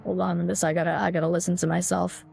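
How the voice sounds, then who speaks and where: A man's voice: high-pitched, little pitch movement, quick pace, vocal fry, a little mellow, soft background music, voice pushed up. A man speaking through an AI voice changer that makes him sound like a nerdy anime female scientist. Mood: teasing. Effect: AI voice changer turning him female.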